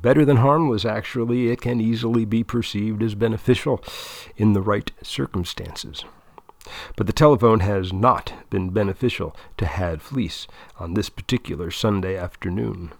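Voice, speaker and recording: A man's voice: lowish voice, moderate pace, vocal fry, dry recording. A man narrating a story in a dramatic reading style, with a wry, ironic manner.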